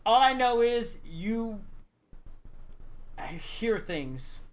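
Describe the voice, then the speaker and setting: A man's voice: extremely high pitch, expressive, extremely slow. A man talking casually as a player in a tabletop game, explaining his thinking at length and swearing freely.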